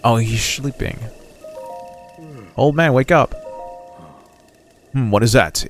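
A young man giving casual, excitable gameplay commentary as a streamer, chatty and slangy, reading game text aloud. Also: medium pitch, slow pace, pauses often, faint music behind. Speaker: gaming streamer.

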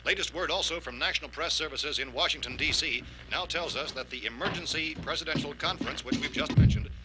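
A man's voice: on the high side, fast, heavy background noise, natural voice. An actor playing a male radio news announcer, reading bulletins in a formal broadcast manner. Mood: urgent.

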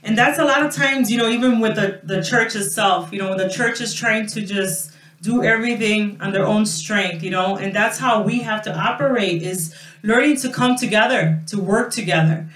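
A woman's voice: mid-range voice, normal speed, a bit bright, distant mic. A woman pastor hosting a radio talk, speaking earnestly and often saying 'praise God'. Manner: earnest, sprinkles 'you know' and 'praise God'. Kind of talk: casual preaching talk. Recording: roomy sound, away from the mic.

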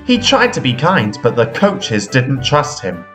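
Man, storybook narration, slow, expressive, lively pitch, music behind. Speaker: storybook reader.

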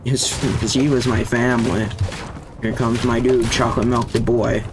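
A young man giving casual, excitable gameplay commentary, jumpy and slangy, with sudden yelps when startled. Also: mid-range voice, normal speed, background noise. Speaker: gaming YouTuber. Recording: game music and sound effects behind voice. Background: loud game music.

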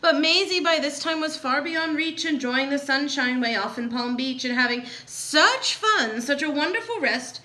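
Casting: bright, high-voiced teacher reading aloud to kids, very lively. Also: female voice, moderate pace, few pauses, slight background noise. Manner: animated, expressive. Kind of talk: read-aloud storytelling.

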